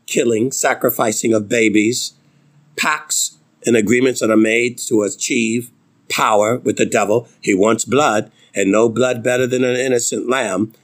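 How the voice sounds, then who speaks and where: A man preaching a sermon, reading scripture with emphatic, dramatic delivery and big swings in pitch.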